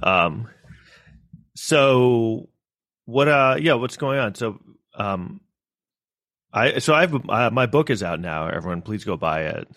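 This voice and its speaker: A man hosting a podcast in casual chat, talking in a halting, hesitant, self-deprecating way on a close mic. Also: lowish voice, lively intonation, fairly bright tone, no echo. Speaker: podcast host.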